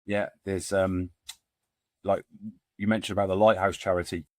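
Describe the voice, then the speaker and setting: A middle-aged man who founded a men's support group tells stories as a podcast guest, rambling casually with plenty of fillers and restarts. His voice sits low with a level tone at normal speed, recorded at studio quality with no echo.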